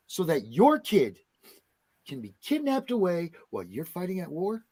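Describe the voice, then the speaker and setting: Impassioned angry male guest, swearing, animated delivery. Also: high voice, a little slow. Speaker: guest, parent. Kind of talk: heated talk-show rant.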